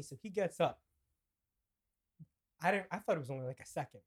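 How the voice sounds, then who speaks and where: The young man co-hosting this podcast sounds high-pitched, brisk, and lively in his intonation. Casually spinning a story, he acts out what people said while laughing and dropping swear words.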